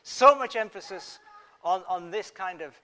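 A man preaching a sermon in an earnest manner, dropping to a hush and then rising to emphatic points. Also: sits high, expressive, unhurried. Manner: earnest, swings from hushed to emphatic.

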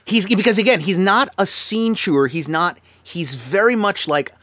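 A man co-hosting a casual film-review chat, talking animatedly with quick restarts and acting out characters' lines. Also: high-pitched, pushed and bright, dry recording. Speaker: podcast co-host.

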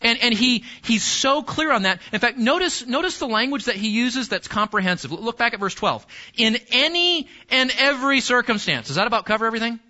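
Male pastor, bright high voice, chatty sermon style with questions to the pews, dull lo-fi church recording. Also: expressive, brisk. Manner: conversational, repeats key phrases, questions the congregation.

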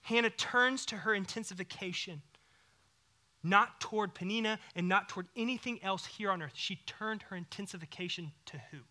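A man in his thirties preaching a sermon, animated, swinging between loud bursts and hushed whispers. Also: high-pitched, moderate pace. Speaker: pastor.

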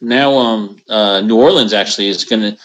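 A man's voice: fairly low pitch, normal speed, fairly bright tone, rough recording. A man calling in remotely to a podcast, telling stories in an easygoing way full of fillers. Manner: easygoing, filler-heavy storytelling. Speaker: remote guest. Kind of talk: casual chat. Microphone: video call.

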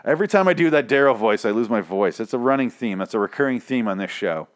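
A man hosting a casual show, rambling and swearing with exasperation, his voice hoarse and nearly shot. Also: mid-range voice, animated, quick pace. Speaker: podcast host. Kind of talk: casual rant about a TV show.

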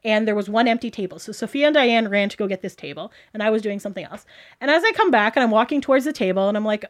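A woman's voice: medium pitch, expressive, quick pace. A woman from the Toronto area telling a story as a guest, chatty and gushing, full of "like" and quoted dialogue. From Toronto area, Canada. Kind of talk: casual storytelling.

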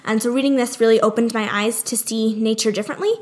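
A young woman with a fairly high voice who chats easily and often breaks into a laugh. She talks in a relaxed, conversational way. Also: fast. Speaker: guest. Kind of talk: casual conversation.

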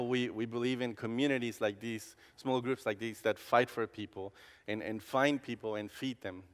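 A campus pastor giving a conversational personal testimony sermon, restarting his sentences often and acting out the dialogue in his stories. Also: mid-range voice. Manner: conversational, with frequent restarts and fillers; acts out dialogue in storytelling. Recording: long hall reverb.

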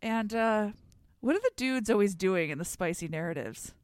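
A woman's voice: medium pitch, animated, normal speed, dry recording. A playful woman chats casually as a podcast co-host, her voice swinging up and down with a lot of life. The sound is close and dry, with no room around it. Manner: joking, playful, does voices. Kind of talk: casual chat.

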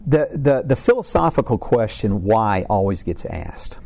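A man's voice: fairly low pitch, very animated, unhurried, creaky, mellow. A middle-aged man giving an informal faith talk about family struggles, earnest and rambling, with many restarts and repeated words.

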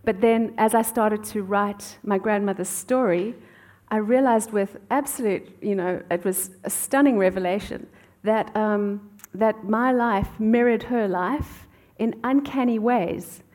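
Chatty South African-born woman author. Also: medium pitch. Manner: warm storytelling with frequent "um" pauses. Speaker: author and guest. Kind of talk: conversational interview answers.

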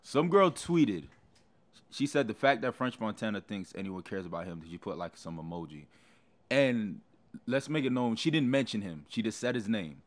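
Man, podcast host, casual banter, profane storytelling, lively pitch. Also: normal speed. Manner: animated storytelling, laughs often, profane.

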